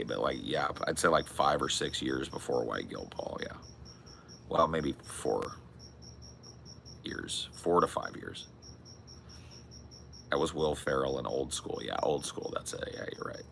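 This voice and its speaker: Very deep gravelly-voiced man in his forties. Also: animated, a little slow, fairly bright tone, slight background noise. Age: 40s. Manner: rambling, profane, bro-ish banter. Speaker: streamer and podcast host. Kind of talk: casual live-stream chat.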